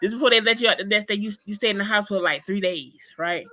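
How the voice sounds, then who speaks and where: A woman guest in an interview, telling a personal story in an animated, emphatic way and speaking straight to her listeners. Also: medium pitch, fast talker.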